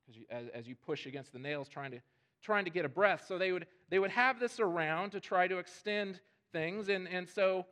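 A male pastor delivering a sermon, earnest and unhurried in his reasoning. His voice sits a little higher than most men's, and he often doubles words as he starts a thought. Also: a bit bright. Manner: earnest, repeats words when starting phrases.

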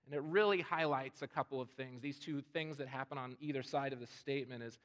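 A man's voice: mid-range voice, a little fast, a bit bright. A man preaching a sermon in an earnest way, often repeating words as he starts a phrase. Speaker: pastor.

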